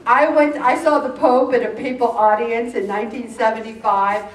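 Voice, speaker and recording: A woman in her sixties from the United States, giving an animated personal talk to a church support group with self-deprecating humor. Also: on the high side, normal speed. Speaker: speaker at a faith-based support group. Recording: echoey room from far off.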